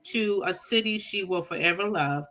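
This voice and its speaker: A middle-aged woman with a bright, clear voice co-hosts a relaxed talk show. She reads a news story aloud at a steady pace, stumbling and restarting now and then. She chats easily with her co-host between passages. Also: mid-range voice, moderate pace. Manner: reads aloud with small restarts, warm laughs. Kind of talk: casual chat, reading an article aloud.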